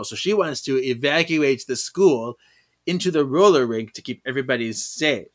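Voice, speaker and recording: A man's voice: medium pitch, expressive, moderate pace. A man co-hosting a podcast, chatting about a comic in a giggly, teasing way. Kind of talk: casual chat about a comic.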